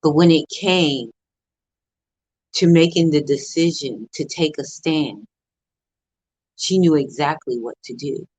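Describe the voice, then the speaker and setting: A woman's voice: low voice, takes it slowly, pauses often, darkish tone, dry recording, rough recording. A middle-aged woman giving an earnest motivational talk on a live stream, with a preacher-like rhythm of repeated phrases. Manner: earnest, preacher-like cadence with repetition. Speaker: motivational speaker.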